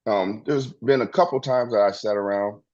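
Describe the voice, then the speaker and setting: Low-voiced man, rambling podcast storyteller. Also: normal speed, a little mellow, highs cut off. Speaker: podcast co-host. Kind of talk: casual spiritual chat.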